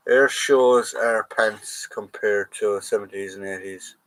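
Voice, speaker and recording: An Irish man hosting a casual live Q&A, reading viewer comments aloud and answering in a halting way. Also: lowish voice, steady tone, dry recording, low-quality recording. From Ireland. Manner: halting, stops to read viewer messages aloud. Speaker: livestream host, military collectibles dealer.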